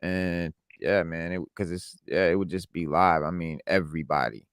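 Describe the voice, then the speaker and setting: A man's voice: sits low, steady tone, normal speed, fairly bright tone, clear, resonant tone, no room sound, clean studio sound. A man from New York co-hosting a podcast, telling stories in a laid-back, slangy way. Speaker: podcast co-host. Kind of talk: casual chat.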